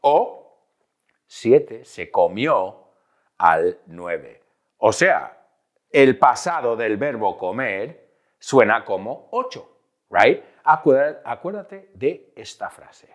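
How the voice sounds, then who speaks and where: A man with a Northeastern US accent hosting a playful, energetic English lesson, switching between English and Spanish, with an announcer-style delivery. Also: mid-range voice, slow pace. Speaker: English teacher and host.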